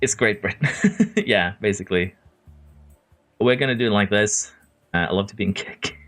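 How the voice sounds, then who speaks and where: A man's voice: lowish voice, moderate pace, fairly bright tone, soft background music. A man from Norway casually commenting on a racing management game while chatting with viewers. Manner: chatty, answers viewers by name, chuckles often. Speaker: game streamer. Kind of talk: casual gameplay commentary reading chat.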